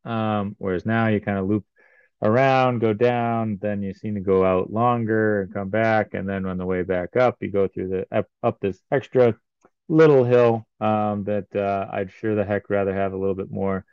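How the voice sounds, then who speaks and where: A man's voice: on the low side, fairly even intonation, normal speed, clear, resonant tone, no echo, muffled recording. A man recounting a race in casual podcast chat, rambling with many ums and uhs.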